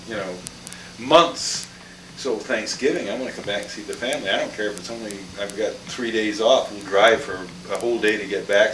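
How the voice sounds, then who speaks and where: An older man casually telling rambling family anecdotes, chuckling as he goes. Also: fairly low pitch. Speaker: storyteller. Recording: echoey room, mic far off, clear background noise.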